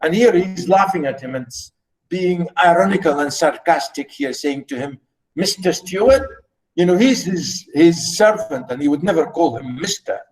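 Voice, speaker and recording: A man teaching literature, walking a class through a play line by line. He talks haltingly, full of fillers and restarts, and often repeats himself. His voice sits a little high for a man. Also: low-quality recording. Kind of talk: explaining a play text in a lecture.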